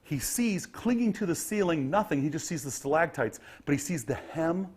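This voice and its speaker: A man's voice: fairly high pitch, lively intonation, normal speed, crowd noise. A man narrating a tabletop game as game master, setting scenes vividly with frequent ums and restarts.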